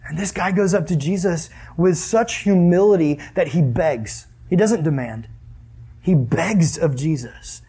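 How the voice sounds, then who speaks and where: Husky, high-voiced earnest young preacher. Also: male voice, measured pace, mellow. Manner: earnest, conversational preaching with rhetorical questions. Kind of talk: sermon.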